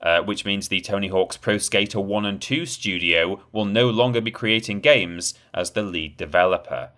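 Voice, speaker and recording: A Yorkshire-accented man co-hosting a casual gaming podcast. His voice is low yet bright and forceful, and his humour stays dry and deadpan, heavy with sarcasm. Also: moderate pace. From Yorkshire, England. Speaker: podcast co-host. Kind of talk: casual chat.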